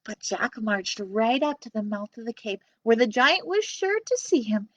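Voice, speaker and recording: A woman librarian reading a storybook aloud to children and chatting with them in an expressive, animated way. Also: fairly high pitch, normal speed, dry recording. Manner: animated, expressive, talking directly to kids.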